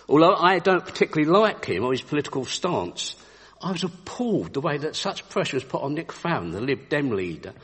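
A man's voice: medium pitch, slightly rough. A man giving a Christian devotional talk, telling anecdotes in an earnest storytelling way, with a long echoey reverb on the recording. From United Kingdom. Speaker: Christian speaker.

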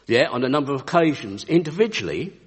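Husky man giving a devotional talk. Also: mid-range voice, big pitch swings, fast talker. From United Kingdom. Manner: storytelling, earnest. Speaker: Christian speaker. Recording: long echoey reverb.

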